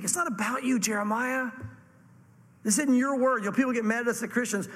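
A man preaching a sermon to a congregation, animated and acting out the voices he quotes. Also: extremely high pitch, a little fast, big-room sound. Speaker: pastor.

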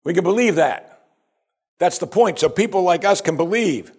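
A man's voice: sits high, moderate pace, husky. A man preaching a sermon as pastor, talking straight to his listeners with rhetorical questions. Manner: animated, rhetorical questions to the congregation.

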